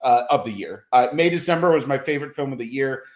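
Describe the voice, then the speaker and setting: A man's voice: medium pitch, expressive, fast talker. A man who is a film critic, giving his picks in a casual chat, thoughtful and full of ums and restarts. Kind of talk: casual awards-preview chat. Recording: roomy echo.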